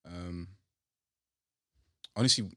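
A man's voice: low voice, extremely slow, bright, forceful tone, dry recording, clean studio sound. A young man from Britain, a guest musician talking casually in an interview, laid-back and slangy, laughing easily.

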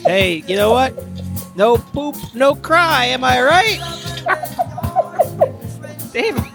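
A man's voice: extremely high pitch, sing-song, takes it slowly, gravelly, over music, exaggerated voice. A man doing a goofy impression of a stoner reggae singer, in a mock Jamaican accent and a sing-song, crude manner. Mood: silly.

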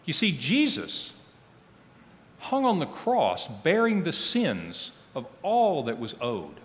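Male pastor delivering a solemn sermon, slow and expressive, with long church reverb. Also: a little high. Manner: slow, solemn reading with falling, hushed phrase ends. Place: church sanctuary.

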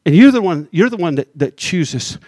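High-voiced preacher, dry close sound. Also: male voice, sing-song, darkish tone, no room sound. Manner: conversational preaching, teasing the congregation, slows down for emphasis. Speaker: pastor. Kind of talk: sermon.

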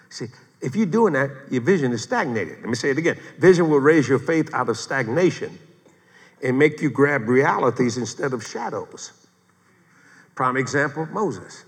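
An older man, a pastor, preaching a sermon in a folksy, animated way, with humor and acted-out quotes, recorded in a church sanctuary. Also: medium pitch, normal speed, big-room sound.

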